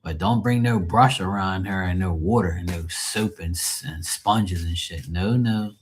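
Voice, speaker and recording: A man's voice: low-pitched, measured pace. A man hosting a live tarot stream, chatting casually in a rambling, profane, joking way.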